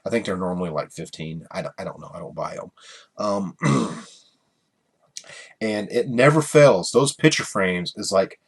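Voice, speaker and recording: A man's voice: deep voice, moderate pace, husky. A man hosting a casual solo podcast, rambling and chuckling through his stories with many fillers. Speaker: podcast host.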